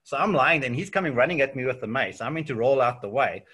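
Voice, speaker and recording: A South African man talks easily in a casual interview, his voice bright and clear. He rambles through anecdotes, peppering them with "yeah" and "um". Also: medium pitch, fast. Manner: relaxed storytelling with frequent fillers and "yeah". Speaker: interview guest. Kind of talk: casual chat.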